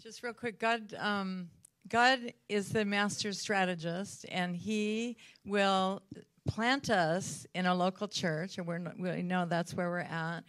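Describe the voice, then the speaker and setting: A woman with a bright, sharp voice speaks as a church panelist. She sounds animated and encouraging, with laughter slipping in. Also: medium pitch, takes it slowly, no echo.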